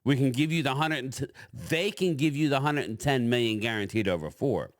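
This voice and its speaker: Animated, argumentative male sports talker. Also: medium pitch, brisk, dry recording, studio quality. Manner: animated, argumentative, addresses panel directly. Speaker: sports commentator. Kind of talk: opinionated sports talk.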